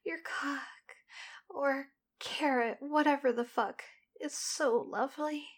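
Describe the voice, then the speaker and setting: High-voiced woman in whispered role-play. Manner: soft murmuring with breathy whispers; intimate, teasing and unhurried.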